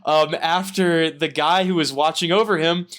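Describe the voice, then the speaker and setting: A man's voice: fairly high pitch, fairly even intonation, moderate pace, a bit bright. A man hosting a casual book podcast, swearing a lot and joking as he sums up the chapter. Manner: profane, jokey, acts out characters in quotes. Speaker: podcast host.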